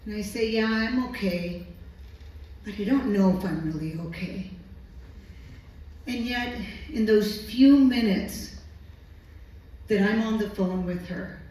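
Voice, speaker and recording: A woman who works as a medical interpreter tells a personal story on stage, slow, earnest and emotional. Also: medium pitch, warm tone. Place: stage at a live storytelling evening. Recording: echoey hall, distant mic.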